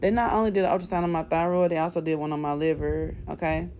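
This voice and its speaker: A woman's voice: low voice, fairly even intonation, fast, darkish tone, a little hiss or hum. A woman giving an emotional personal testimony in a candid, chatty way, speaking straight to viewers and speaking openly about her faith. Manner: faith-filled, calls for casting down negative words. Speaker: vlogger sharing a personal testimony.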